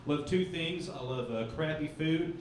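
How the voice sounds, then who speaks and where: Young man doing crude stand-up. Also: a little high. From East Tennessee. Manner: crude, self-mocking, quick asides to the crowd. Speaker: stand-up comedian. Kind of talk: stand-up comedy set. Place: comedy club stage. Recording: echoey club, from far off, noisy.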